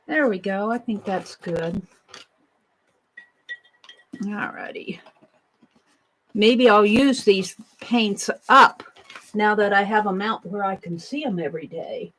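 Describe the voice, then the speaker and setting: A woman hosting an art journaling stream, chatting casually to herself and viewers as she paints, with soft murmured asides. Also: mid-range voice, unhurried, low-quality recording. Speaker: art journaling livestream host. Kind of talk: casual crafting narration.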